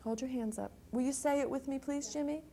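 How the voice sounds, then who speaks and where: Animated woman reading to small children. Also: high-pitched, fairly quick. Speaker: children's librarian. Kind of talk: children's story hour. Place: library story hour room.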